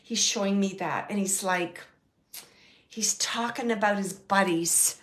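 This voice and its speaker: A middle-aged woman works as a psychic medium, giving an emotional live reading to an audience. Her mid-range voice is fairly bright and moves at a measured pace. At times tearful, she relays the messages she receives, stressing the quoted words.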